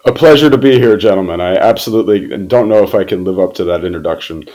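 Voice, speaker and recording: A man from Germany, speaking as a football reporter guest on a podcast in a formal, measured way with frequent hesitations. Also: low-pitched, a little mellow, poor audio. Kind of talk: podcast interview.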